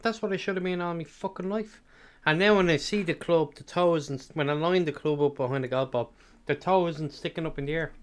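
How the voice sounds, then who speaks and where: An Irish man streaming and talking straight to his viewers in a loose, casual chat. He rambles from one thing to the next, swears freely and talks between mouthfuls of sweets. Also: a little high. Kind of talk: casual chat answering live chat.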